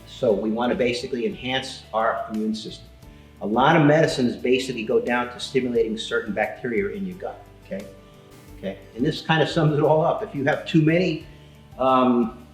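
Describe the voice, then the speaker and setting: A man presents a seminar from slides in a loose, conversational way, stopping to quiz the audience. His voice sits at a middle pitch and rings out in an echoey hall. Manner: casual, chatty, quizzes the audience. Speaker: seminar speaker. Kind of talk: live seminar talk with slides.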